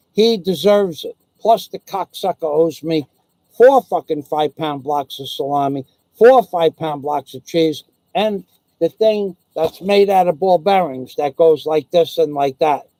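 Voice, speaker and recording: A man's voice: a little high, darkish tone, no echo, rough recording. A man hosting his own video channel, ranting in a crude, rambling way full of swearing. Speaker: YouTube vlogger. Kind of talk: profane comedic rant.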